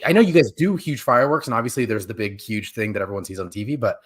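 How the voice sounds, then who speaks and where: A man's voice: fairly low pitch, fast, a bit bright, husky. A man hosting a live pop-culture stream, chatting casually with fillers and frequent laughs. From California. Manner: jokey, laughing, rambling with fillers. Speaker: podcast host. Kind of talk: casual chat.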